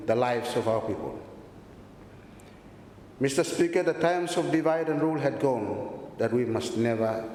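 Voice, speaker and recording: A man from the Solomon Islands giving a formal parliamentary speech, repeatedly addressing the Speaker and listing numbered points. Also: a little mellow. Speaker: member of parliament. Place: large parliament chamber. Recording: echoey chamber recording with a faint rumble.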